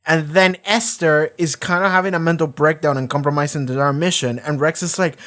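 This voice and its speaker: A man's voice: a little high, steady tone, brisk, fairly bright tone. Rambling, profane reaction host man. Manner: rambling, profane, acts out scenes in goofy voices. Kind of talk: casual reaction chat.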